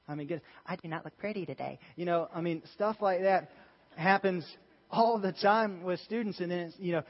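High-voiced passionate young preacher in a hall. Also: male voice. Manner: passionate, emphatic preaching with many restarts. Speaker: youth pastor. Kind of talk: sermon. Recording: dull sound with long reverb in a large hall.

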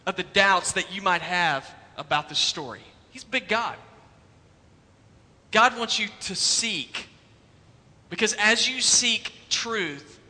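A man preaching a sermon as a pastor, asking rhetorical questions and slowing down to stress his points. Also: sits high, long reverb tail. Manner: rhetorical questions, slows for emphasis, drops soft at the end. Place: church.

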